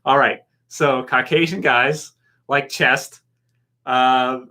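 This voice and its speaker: With a mid-range, steady, bright voice, a Canadian man runs a laid-back live stream, speaking slowly and forcefully. He rambles, chuckles, and talks back to the comments his viewers post.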